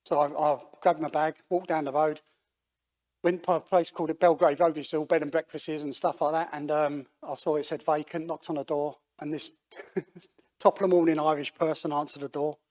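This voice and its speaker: A man giving a personal testimony at a church, talking conversationally with halting restarts and acting out the voices of the people he quotes. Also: on the high side, little pitch movement, a little mellow. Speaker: guest speaker telling his life story. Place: church hall.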